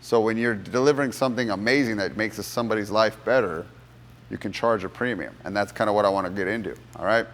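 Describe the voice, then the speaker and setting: A low-pitched man leads a sales workshop for gym coaches, talking with lively conviction. He slips into the voices of the people in his stories as he tells them. His voice rings out with the long reverb of a large room. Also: quick pace. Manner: animated storyteller, acts out courtroom voices. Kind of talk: motivational workshop talk with storytelling.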